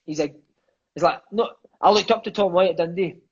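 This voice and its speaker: Scottish man, 30s, raised-pitch chatty storyteller, swears a lot, lo-fi dull audio. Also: husky. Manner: swears freely, fills lines with "mate" and "aye", quick enthusiastic storyteller. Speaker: podcast guest. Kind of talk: casual storytelling chat.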